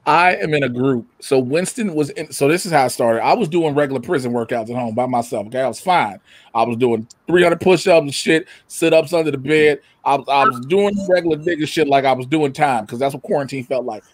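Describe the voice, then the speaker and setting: A man chatting casually from his home setup, telling animated stories, loudly acting out quotes and swearing freely. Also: mid-range voice, a little fast, dry recording. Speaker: guest. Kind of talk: casual chat. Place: home room with a computer setup. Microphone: computer mic or camera.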